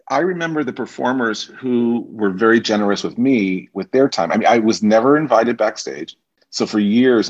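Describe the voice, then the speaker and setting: Male actor guest, low and husky, lively storyteller, dull lo-fi sound. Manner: animated anecdotes, acts out quoted voices. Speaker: guest, stage actor and teacher. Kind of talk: casual interview storytelling.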